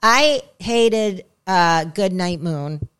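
A woman's voice: lowish voice, animated, extremely slow, a bit bright, smooth. A woman co-hosting a casual chat podcast, telling stories animatedly and laughing often. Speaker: podcast co-host.

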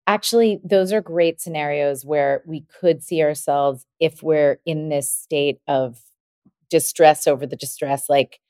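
A woman podcast host who reflects aloud and builds on her guest's points in a relaxed interview. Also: sits low, unhurried, no room sound, studio quality.

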